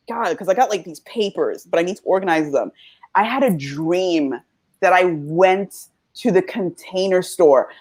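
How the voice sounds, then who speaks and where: A woman co-hosting a podcast, telling stories in a casual, rambling way. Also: medium pitch. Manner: expressive, rambling storyteller. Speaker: podcast co-host. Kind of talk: casual chat.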